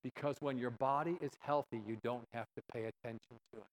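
A man's voice: medium pitch, steady tone, brisk, rough recording. A man preaching a sermon, telling a story and acting out both sides of the dialogue with animation.

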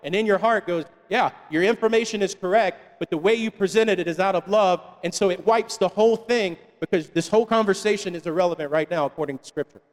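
High-voiced pastor preaching in a hall. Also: male voice, quick pace, few pauses. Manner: preaching with call-and-response to the congregation. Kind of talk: sermon. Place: church hall. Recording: long reverb of a church hall.

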